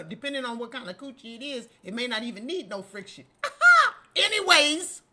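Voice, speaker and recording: A woman's voice: sits high, big pitch swings, normal speed, sharp tone. A middle-aged woman hosting a casual commentary show, sassy and scolding, breaking into laughs as she lectures. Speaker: host.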